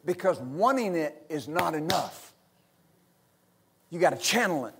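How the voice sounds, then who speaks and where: A middle-aged pastor from West Texas, preaching a fervent sermon full of amens and hallelujahs. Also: male voice, fairly high pitch, animated, measured pace, vocal fry, a little hiss or hum.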